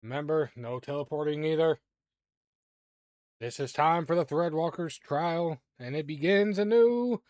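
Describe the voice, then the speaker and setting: A man's voice: fairly high pitch, a little slow, no room sound, clean studio sound, pitched above the performer's own voice, close to an everyday voice. A man voicing a commanding male carnival beam master who announces the rules of a tightrope trial. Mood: proclaiming. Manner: loud proclaiming.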